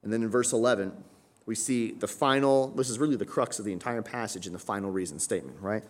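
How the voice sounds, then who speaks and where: Speaking quickly and fairly low in pitch, this man delivers a sermon like a conversational lesson. Key phrases get a rising emphasis, and he often closes a point with a questioning "right?"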